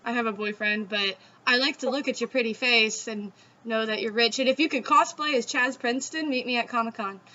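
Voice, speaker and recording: Brisk, fairly high, pushed, and bright, this woman's voice has a Southern accent from the Southeastern United States. She hosts a casual, chatty talk, giggling often and swearing freely. The recording is dull lo-fi with a little hiss or hum.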